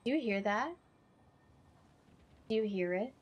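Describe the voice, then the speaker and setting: A woman live-streaming a video game, chatting with her viewers, rambling and emotional, then excitable during play. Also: medium pitch, unhurried. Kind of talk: live gameplay stream chat. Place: home streaming setup.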